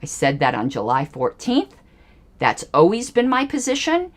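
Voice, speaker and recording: Indignant woman ranting, lively pitch. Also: measured pace. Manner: emphatic and indignant, with pointed repetitions. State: angry. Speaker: livestream host. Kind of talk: angry political livestream commentary.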